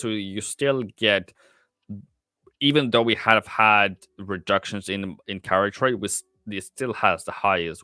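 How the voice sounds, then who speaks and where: A man with a low, bright, forceful voice that's clear and resonant hosts a live forex trading stream. He thinks aloud with lots of fillers and answers chat in casual commentary. The studio-quality recording has no echo.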